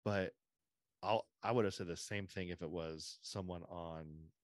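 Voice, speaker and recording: A man's voice: sits low, fairly even intonation, measured pace, dry recording, clean studio sound. A man hosting a podcast in casual chat, opinionated and rambling, restarting his sentences often. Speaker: podcast host.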